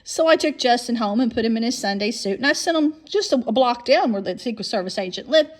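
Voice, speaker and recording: A woman's voice: on the high side, animated, fast. A woman in her fifties telling a long personal story in a monologue, rambling and often repeating or restarting her words.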